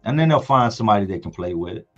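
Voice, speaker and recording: A lowish, husky man's voice tells animated, slangy stories live, acting out the people in them. The sound is dull and lo-fi, with faint music playing underneath. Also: fast talker. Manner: animated storyteller, slangy, acts out others' lines. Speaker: livestream host. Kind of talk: casual storytelling on a livestream.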